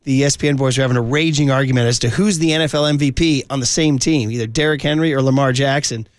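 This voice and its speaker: A man's voice: mid-range voice, quick pace, no echo, clean studio sound. A man hosting a sports radio show, bantering casually, joking and laughing often.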